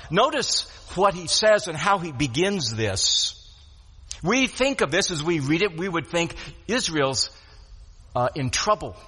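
A man delivers an earnest sermon in a high, bright voice. He circles back and repeats phrases as he builds emphasis. The sound carries a long hall reverb, as from a church sanctuary. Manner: earnest preaching with frequent restarts and repeated words. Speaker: pastor.

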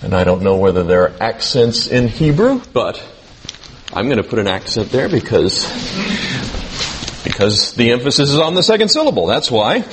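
A man's voice: medium pitch, very animated, normal speed, background noise. A man preaching in a conversational teaching style, reading scripture aloud and asking his listeners questions. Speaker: preacher teaching a Bible class. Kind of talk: sermon.

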